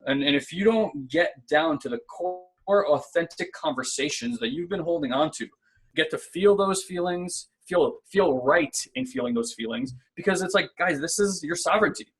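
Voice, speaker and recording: A man co-hosts a relaxed spiritual self-help podcast, earnest and conversational, frequently checking in with "right?" His voice sits on the high side and sounds animated, at a normal speed.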